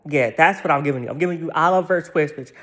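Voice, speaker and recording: Profane ranting woman, lowish voice. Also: fast, fairly bright tone. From United States. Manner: profane and rambling, laughing through anger. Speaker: vlogger. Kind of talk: angry ranting vlog.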